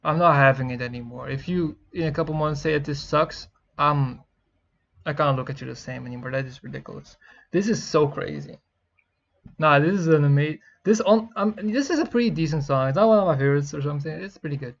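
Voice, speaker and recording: A young man giving rambling, excitable music reaction commentary, swearing often and filling pauses with "uh" and "like". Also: on the high side, gravelly. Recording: dull lo-fi mic with faint music. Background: faint music playing.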